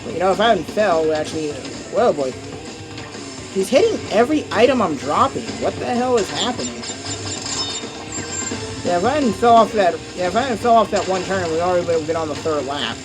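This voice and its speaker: Excitable young man commentating a game. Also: high voice, fairly quick. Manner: excitable, chatty, curses at the game. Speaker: gameplay commentator. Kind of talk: casual gameplay commentary. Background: game music.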